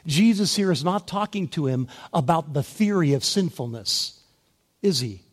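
A male preacher giving a sermon, moving between hushed, gentle passages and loud, rising emphasis, drawing out key words slowly. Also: on the high side, animated. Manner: slow, deliberate delivery with drawn-out key words.

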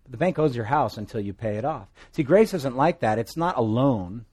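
A man from Hawaii with a Hawaiian accent, preaching a sermon with jokes and swings between loud and soft. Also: brisk, slightly rough. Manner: animated, joking asides, pitch and volume swing widely. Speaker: pastor.

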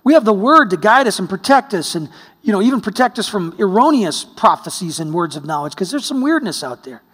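A man from the United States preaching a sermon, telling a story, swinging between hushed and exclaiming. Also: high voice, big pitch swings, brisk, husky. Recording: long hall reverb.

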